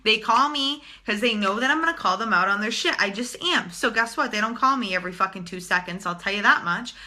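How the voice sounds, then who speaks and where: Blunt bright-voiced woman. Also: mid-range voice, brisk. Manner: blunt, swears freely, animated. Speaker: spiritual channeler. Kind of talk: casual live-stream talk to viewers.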